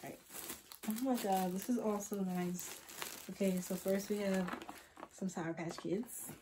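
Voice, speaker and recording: A teenage girl unboxing gifts in a casual vlog, excitable and gushing, swinging from loud exclamations to hushed gasps with slangy chatter. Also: medium pitch, a little slow, noisy background. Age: teens. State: tearful at moments. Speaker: vlogger.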